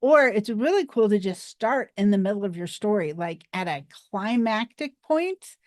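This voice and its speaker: A woman coaching public speaking, talking to camera in a playful, animated way and laughing at herself now and then. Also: medium pitch, normal speed, dry recording, clean studio sound. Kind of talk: instructional talk to camera.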